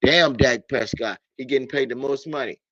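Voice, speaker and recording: A man with a drawl rants about his team, blunt, exasperated and full of profanity. His voice sits at an ordinary mid pitch. The sound is dry and muffled, like cheap lo-fi streaming audio. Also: moderate pace, pushed and bright, no room sound. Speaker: sports talk streamer. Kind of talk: casual sports rant. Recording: dull lo-fi audio.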